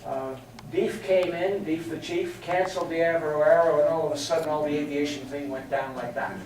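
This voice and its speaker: An older man from England, his pitch fairly high and his tone darkish, talks fairly quickly as a guest speaker at a meeting. He tells chatty flying anecdotes and chuckles at them, and the recording comes from far off in a very echoey meeting hall.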